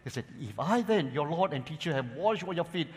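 A man preaching a sermon, his voice pitched a bit high for a man. He keeps calling out to the congregation as "church" and scatters "you know" through his talk, swinging from loud emphasis to hushed asides. The sound carries a long reverb, as in a church hall. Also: lively intonation, brisk. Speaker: pastor.

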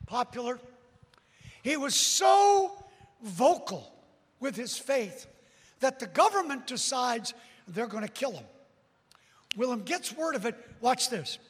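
A man preaching a sermon as a dramatic storyteller who breaks into sudden shouts. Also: high voice, breathy edge, long reverb tail.

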